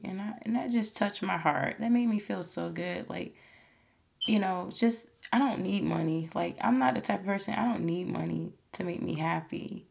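A woman's voice: medium pitch, moderate pace, vocal fry, darkish tone, breathy edge. A woman hosting a podcast, talking in a casual, earnest and encouraging way, full of "like" and "you know". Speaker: podcast host. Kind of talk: casual motivational monologue.

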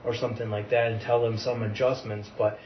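A man, a wrestling coach speaking calmly and in a measured way as a podcast guest. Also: fairly low pitch. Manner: calm, measured, relaxed. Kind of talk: casual podcast conversation. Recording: distant, dull, faint noise.

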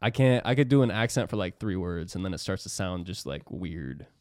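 A man's voice: deep voice, lively intonation, fairly quick, darkish tone, clean tone, dry recording, studio quality. A young man in casual podcast chat, laid-back and saying "bro" a lot.

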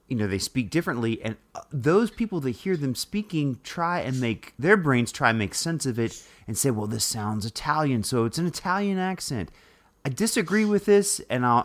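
A man talking casually through an explainer monologue, with frequent restarts and fillers. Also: medium pitch.

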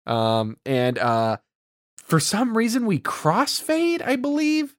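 This podcast co-host has a high voice with big pitch swings and takes his time as he retells a movie's plot, rambling, saying um a lot, and acting out characters' dialogue. The recording is dry with clean studio sound.

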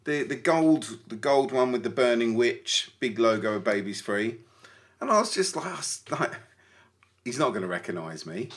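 A man co-hosting a podcast, chatting casually in an animated way with stumbling restarts. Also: medium pitch, normal speed. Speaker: podcast co-host. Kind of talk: casual chat.

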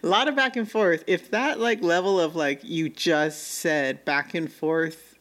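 A woman's voice: lowish voice, unhurried, fairly bright tone. A woman in casual conversation recapping an anime, chatty and laughing often as she acts out characters' lines. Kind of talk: casual chat reviewing an anime.

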